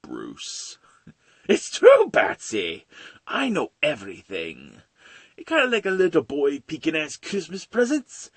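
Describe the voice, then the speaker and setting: A man's voice: on the high side, wildly swooping pitch, unhurried, slightly rough, no room sound, pitched above the performer's own voice, full character voice. A man voicing a gleeful, taunting male villain clown with a cackling laugh. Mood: gloating.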